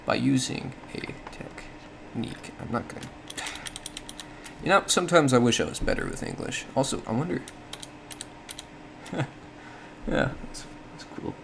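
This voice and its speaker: Casual talk from a guy thinking out loud, bit of vocal fry, faint hiss behind. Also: mid-range voice, unhurried, long pauses. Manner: thinks aloud with frequent self-corrections and small laughs. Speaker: solo podcast host. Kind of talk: casual explanatory monologue.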